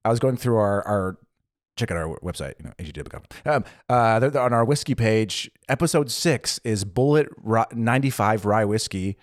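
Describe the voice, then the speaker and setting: A man's voice: lowish voice, animated, fairly quick, dry recording, studio quality. A man co-hosting a podcast in casual chat, laughing often and talking with lots of fillers and restarts. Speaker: podcast co-host.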